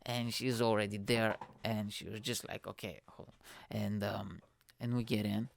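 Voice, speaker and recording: A man's voice: lowish voice, little pitch movement, normal speed, creaky. A male comedian hosting his own podcast, telling a rambling, profane, self-mocking story in a casual monologue.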